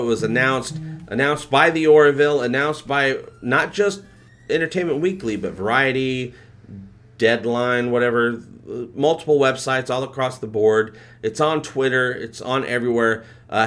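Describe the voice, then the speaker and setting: A man hosts a live stream in a loose, rambling way. He talks with excitement and keeps thanking his viewers. His voice sits at an ordinary middle pitch. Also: moderate pace, faint music behind. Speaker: livestream host. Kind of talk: casual live-stream chat.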